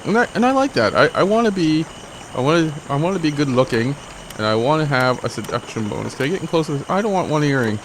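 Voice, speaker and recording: A man's voice: a little high, big pitch swings, quick pace, a little hiss or hum. A man giving rambling, joking, self-mocking commentary while he plays a game. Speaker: let's play host. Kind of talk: gameplay commentary.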